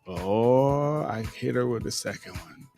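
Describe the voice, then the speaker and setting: A man's voice: medium pitch, slow, soft background music. A big, tall man co-hosting a podcast, telling a story casually and acting out the quotes he retells. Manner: animated storyteller, acts out quotes. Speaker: podcast co-host.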